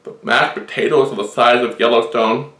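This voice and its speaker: A man telling a long shaggy-dog joke with deadpan storytelling. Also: medium pitch, moderate pace. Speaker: joke teller. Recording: roomy echo.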